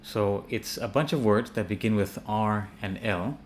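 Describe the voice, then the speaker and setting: A man with an American accent giving a relaxed spoken English lesson, pausing with fillers and repeating words as he explains pronunciation. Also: fairly low pitch, slight background noise. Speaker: English teacher.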